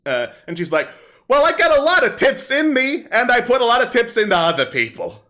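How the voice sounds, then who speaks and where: A man's voice: extremely high pitch, very animated, fairly quick, pushed and bright, voice pushed up, exaggerated voice. A man voicing a crude, sleazy male kobold stand-up comic who rambles through his setups to land dirty punchlines. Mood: smarmy joking. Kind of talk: comedic tabletop role-play.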